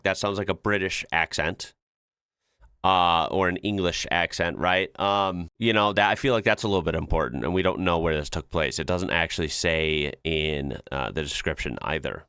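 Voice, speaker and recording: Bright-voiced chatty American man. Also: sits low, clear, resonant tone, dry recording, clean studio sound. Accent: Northern US. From northern United States. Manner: chatty, self-correcting, rhetorical "right?". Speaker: reaction video host. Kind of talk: casual commentary.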